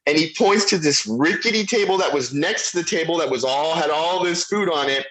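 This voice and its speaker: A middle-aged man tells a story with real animation, his slightly raised voice jumping around as he acts out each person he quotes. The delivery is relaxed and conversational, like a guest warming up on a chat show. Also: fairly high pitch, brisk, hardly any pauses, crowd noise, low-quality recording. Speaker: guest actor. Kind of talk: anecdotal storytelling.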